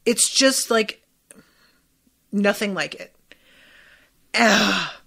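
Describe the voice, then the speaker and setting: A young adult woman hosting a podcast, chatting excitedly about a TV episode, swearing freely and leaning on lots of "like" fillers. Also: medium pitch, extremely slow, vocal fry, breathy edge. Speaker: podcast host. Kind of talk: casual commentary on a TV episode.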